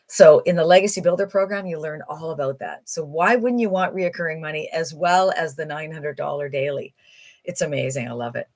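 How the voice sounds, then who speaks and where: A woman giving an enthusiastic, emphatic motivational sales pitch for an online marketing program.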